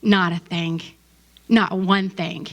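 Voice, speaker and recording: A woman's voice: fairly low pitch, steady tone, slow. A woman pastor giving a casual sermon, conversational and emphatic, with asides to her listeners.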